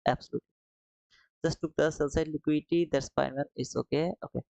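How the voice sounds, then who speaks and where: A man's voice: on the high side, fairly even intonation, fast talker, creaky, a little mellow, dry recording, low-quality recording. A man hosting a live trading stream, reading viewers' comments aloud and answering them in a friendly, casual way, calling them brother and man.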